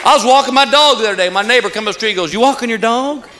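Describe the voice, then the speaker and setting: Guy doing standup, high voice that bounces around, crowd laughing behind. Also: racing. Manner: folksy storytelling with a drawled punchline. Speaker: stand-up comedian. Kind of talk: stand-up routine. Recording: live show with loud audience.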